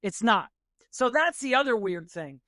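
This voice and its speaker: A man's voice: very high voice, big pitch swings, normal speed, sharp tone, no echo, clean studio sound. A man, a jazz musician and podcast guest, telling stories in a rambling way, restarting sentences and saying "you know" a lot. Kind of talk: conversational storytelling.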